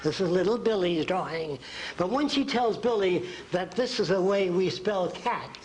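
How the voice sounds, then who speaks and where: A man's voice: sits high, lively intonation, moderate pace, a little hiss or hum, poor audio. An older man giving a folksy college lecture at a blackboard, acting out quotes. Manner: folksy, drawing on a blackboard while talking, acts out quotes. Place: lecture hall.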